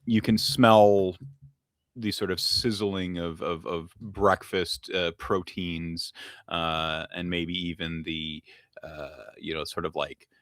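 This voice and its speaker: Deep gravelly game master. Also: male voice, a bit bright, no echo, studio quality. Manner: hesitant, filler-heavy scene description. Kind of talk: narrating a tabletop game.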